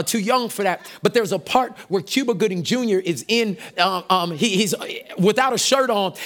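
A middle-aged man, a pastor preaching a sermon energetically, shouting call-and-response lines to his congregation. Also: high voice.

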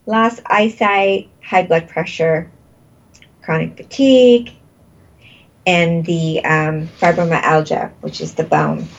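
A woman's voice: fairly low pitch, fairly even intonation, takes it slowly, highs cut off. A woman leading a guided energy healing session, soothing and repeating breathing cues, laughing often. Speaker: energy healer.

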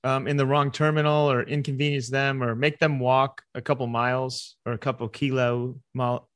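Man pitching silly schemes, deadpan. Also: normal speed, dry recording. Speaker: podcast co-host. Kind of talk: casual comedic chat.

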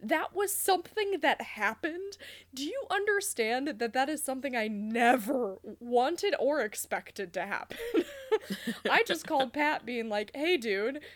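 Young woman co-host, casual chat, high and very expressive, swears and laughs a lot. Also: a little slow. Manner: animated, swearing, laughing often. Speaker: podcast co-host.

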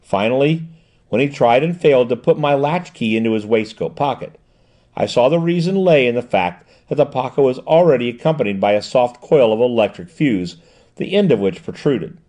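A sharp, composed woman detective lays out her reasoning point by point, read by a man. The voice is mellow and warm, with a lively rise and fall, precise and measured in an audiobook reading. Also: medium pitch, lightly acted. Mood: explaining.

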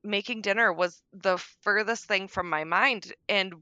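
Middle-aged woman guest, bright tone, dry close sound, candid with dark humor. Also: mid-range voice, unhurried, no echo, highs cut off. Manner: frank, darkly joking, soft-spoken at times. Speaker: podcast guest. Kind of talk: candid conversation about grief.

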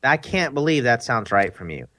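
A man co-hosting a casual sports chat, teasing and quick with banter. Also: mid-range voice, very animated, pushed and bright, no echo. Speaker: podcast co-host.

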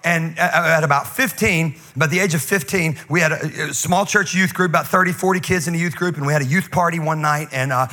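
A man preaching a sermon, telling a comedic story, animated and full of asides. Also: fairly high pitch, fast, few pauses. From North Carolina. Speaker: pastor.

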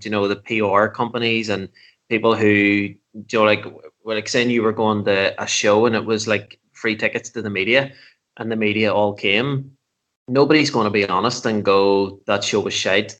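A man, a comedian, chatting casually and telling animated, profane stories. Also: lowish voice. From Northern Ireland. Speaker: comedian guest.

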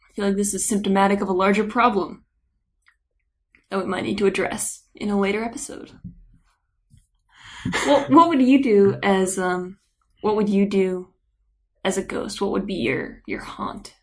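A woman's voice: medium pitch, moderate pace, long pauses. A woman co-hosting a podcast, chatting casually with playful, rambling musings. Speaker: podcast co-host. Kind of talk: casual chat.

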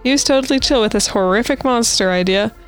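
Woman podcast co-host, a bit high-pitched, reads creepy listener stories with playful asides, faint music underneath. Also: quick pace. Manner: reads posts aloud with playful asides and laughs. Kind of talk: casual podcast chat, reading stories aloud.

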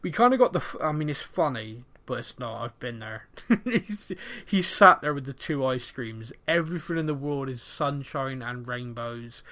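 A middle-aged man co-hosting a podcast, recapping a TV episode in rambling, animated casual chat and laughing often. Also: medium pitch, moderate pace, few pauses. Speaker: podcast co-host.

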